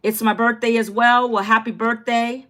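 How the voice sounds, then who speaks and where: Bright-voiced woman in her fifties chatting on a livestream. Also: on the high side, flat delivery, moderate pace. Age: 50s. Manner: chatty, greets viewers by name, upbeat. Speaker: content creator. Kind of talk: casual livestream chat with viewers.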